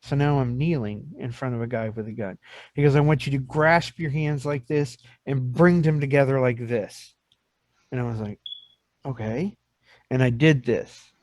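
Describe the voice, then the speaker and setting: A man's voice: medium pitch, normal speed, no room sound. A man in his fifties hosting a podcast, telling stories in casual chat and acting out quotes. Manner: animated storyteller, acts out quotes. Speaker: podcast host.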